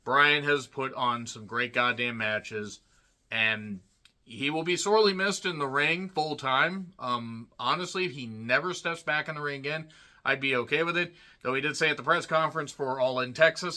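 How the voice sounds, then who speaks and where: Blunt male host, bright edgy voice, frequent throat-clearing, casual ranking rant. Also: a little high, normal speed. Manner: blunt, profane, clears throat often, animated on names. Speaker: wrestling commentator and list host. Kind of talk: casual opinionated ranking monologue.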